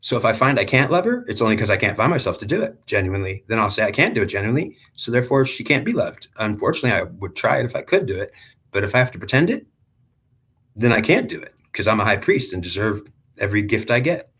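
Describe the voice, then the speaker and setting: A man voicing a proud, anguished ancient high priest. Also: very animated, fast talker, a bit bright, slightly rough, heavily acted. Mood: insistent. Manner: earnest, self-justifying first-person monologue.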